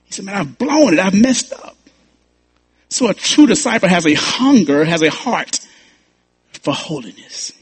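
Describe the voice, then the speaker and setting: Husky pastor preaching emphatically. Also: male voice, high-pitched, sing-song, moderate pace. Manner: emphatic preaching with repeated phrases and stammered restarts. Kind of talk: sermon.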